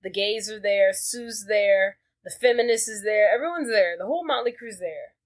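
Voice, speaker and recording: A woman's voice: mid-range voice, normal speed. Profane, slangy woman podcast co-host. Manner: slangy, profane, animated retelling. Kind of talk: casual movie recap chat.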